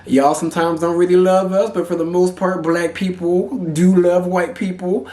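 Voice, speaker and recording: A man's voice: sits high, level tone, moderate pace, darkish tone. A man from Texas giving blunt, profane commentary to camera as a vlogger. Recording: roomy echo.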